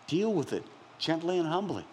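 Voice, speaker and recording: Pastor, man in his 60s, fairly high, expressive voice, chatty sermon delivery, long reverb and faint room hum. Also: moderate pace. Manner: animated, conversational preaching with self-deprecating asides.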